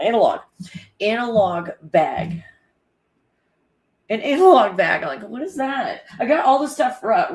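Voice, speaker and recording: A livestream host chatting casually with viewers and reading out their comments, in a rambling, loose manner that is full of swearing and frequent laughter. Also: medium pitch.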